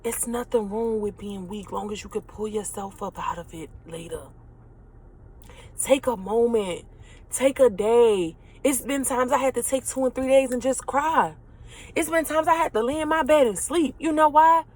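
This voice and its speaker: A young woman in her late twenties speaks straight to her listeners in a heartfelt motivational monologue. Her voice sits a little high, and she is earnest and preachy, circling back over the same phrases for emphasis. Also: normal speed, darkish tone. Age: late 20s.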